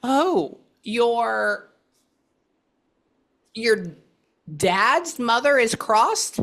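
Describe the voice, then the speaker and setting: A woman psychic medium giving a casual reading, halting often to listen before going on. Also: fairly high pitch, animated, fairly bright tone.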